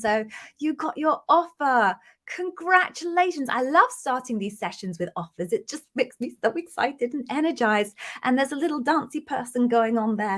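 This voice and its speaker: A woman's voice: on the high side, animated, moderate pace. A middle-aged British woman talks through a live-stream Q&A, coaching candidates for job interviews. She is chatty and effusive, greeting viewers by name with bursts of enthusiasm. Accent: British English. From Britain.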